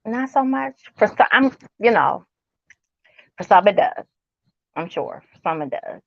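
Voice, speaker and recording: A woman's voice: medium pitch, lively intonation, measured pace, vocal fry, dry recording, highs cut off. A woman in her forties chatting to camera about skincare in a rambling way and asking her viewers questions. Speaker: wellness vlogger. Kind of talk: casual chat to camera.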